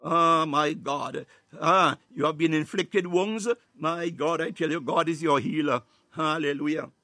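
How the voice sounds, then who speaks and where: A man's voice: fairly high pitch, measured pace, bright, forceful tone, no room sound. A man preaching a sermon, filling his phrases with "hallelujah" and "ah, my God" and breaking into tongues.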